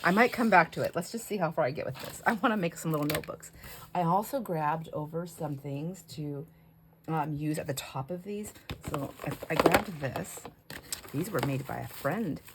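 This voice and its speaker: A woman's voice: low-pitched, moderate pace, background noise. A middle-aged woman hosting a craft video, chatting casually and telling a story as she works, laughing often and breaking off mid-sentence. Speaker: craft channel host. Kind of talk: casual chat while crafting.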